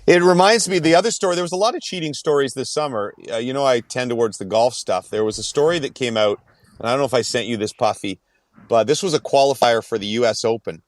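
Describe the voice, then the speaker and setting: A man's voice: mid-range voice, fast, no echo. Rambling male podcast co-host, dry sound. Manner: rambling storyteller, many fillers. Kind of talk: casual chat.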